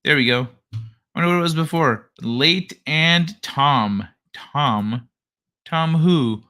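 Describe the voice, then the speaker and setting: Young male streamer, bright tone, casual and profane, rambling late-night chat. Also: on the high side, slow pace, clear, resonant tone. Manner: rambling, profane, laid-back. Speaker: live stream host. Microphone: desk microphone he adjusts.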